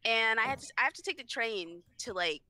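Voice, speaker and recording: Young woman, podcast co-host, casual chat, bright, lively pitch, chatty, dry close sound. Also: fairly quick, no room sound. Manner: chatty, lively, full of fillers.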